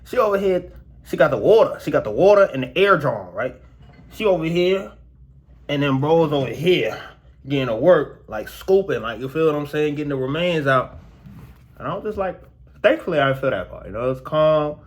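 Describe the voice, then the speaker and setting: A man's voice: fairly high pitch, moderate pace. Slangy young man telling a story. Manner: animated, slangy, talks straight to viewers. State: sore mouth after dental work. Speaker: vlogger. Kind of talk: casual storytelling vlog.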